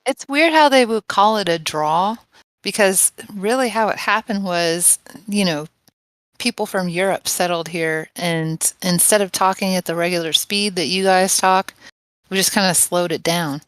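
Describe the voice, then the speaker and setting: A woman's voice: fairly low pitch, normal speed, fairly bright tone, no room sound. A woman from West Virginia with a country drawl, rambling and curious in a casual voice chat. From West Virginia, USA. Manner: rambling, curious, laughs often.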